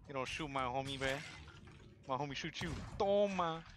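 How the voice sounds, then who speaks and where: A man with a mid-pitched voice trades cocky, slangy banter while gaming with friends. He boasts and jokes loosely over voice chat. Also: fairly even intonation, brisk, pushed and bright. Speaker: gaming teammate.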